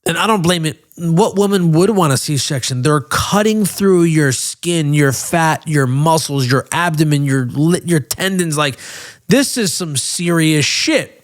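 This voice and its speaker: A man's voice: fairly high pitch, unhurried. A man in his thirties hosting a podcast, telling a personal story in a candid, emotional way with frequent swearing. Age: 30s. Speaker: podcast host.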